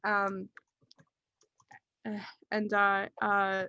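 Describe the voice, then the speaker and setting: A woman runs a tabletop game, narrating slowly and stumbling through fillers as she works out the scene. Her voice is bright and forceful, recorded close and dry. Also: mid-range voice, monotone, smooth, dry recording, highs cut off. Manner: halting, full of ums and likes. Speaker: game master.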